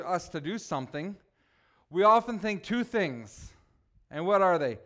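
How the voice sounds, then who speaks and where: A man's voice: high voice, a bit bright. A man preaching a sermon, emotional at times, often asking his listeners rhetorical questions. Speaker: pastor.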